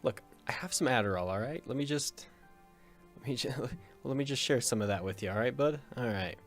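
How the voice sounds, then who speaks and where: A man's voice: medium pitch, a little fast, soft background music. A man hosting a gaming video in casual let's play commentary, joking and rambling, often cutting himself off with a chuckle.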